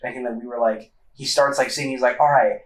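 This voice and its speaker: Fast-talking young man in echoey room. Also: mid-range voice. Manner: excitable storytelling, laughs often. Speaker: podcast co-host. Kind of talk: casual chat. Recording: echoey room with faint noise.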